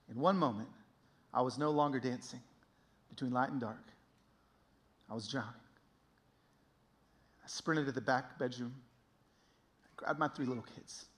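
A man in his thirties giving an emotional sermon testimony, swinging from hushed to loud. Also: on the high side.

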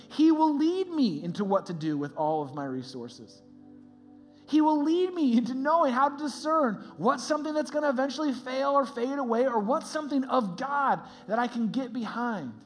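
A man preaching a sermon as a pastor in a lively, conversational way, laughing often. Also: very high voice, moderate pace, soft background music.

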